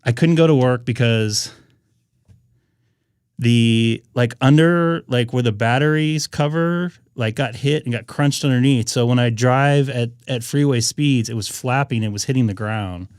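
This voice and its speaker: A man hosting a casual live stream, his voice sitting at an ordinary middle pitch. He rambles along with plenty of fillers and restarts. The sound is dry, with no room echo. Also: a little slow, a little mellow, clear, resonant tone. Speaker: ham radio live-stream host.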